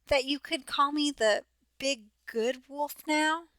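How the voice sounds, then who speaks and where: A woman's voice: sits high, very animated, a little slow, sharp tone, dry recording, studio quality, exaggerated voice. A woman voicing a shy, misunderstood big bad wolf who talks sweetly and sulks when he is hurt. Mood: sweet, hopeful. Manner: sweet and eager to please, sulky when hurt.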